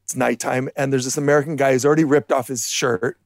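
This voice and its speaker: A man co-hosting a casual history chat, relaxed and anecdotal, who breaks into shouted impressions when telling a story. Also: mid-range voice, quick pace, no echo, studio quality. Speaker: podcast co-host.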